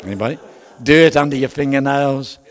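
A man's voice: medium pitch, normal speed, big-room sound. An older man with an Australian accent, preaching a sermon full of personal stories, jokes and asides to the congregation. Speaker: pastor.

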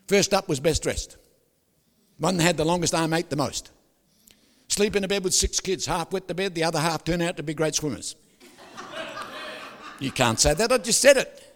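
An older man, preaching a sermon with jokes, stories and sudden loud outbursts. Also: a little high. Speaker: pastor. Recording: hall reverb.

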